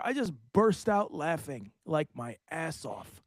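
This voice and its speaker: A man hosting a podcast, giving blunt, profane, animated reaction commentary. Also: sits high, normal speed, hardly any pauses, no room sound, studio quality. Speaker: podcast host.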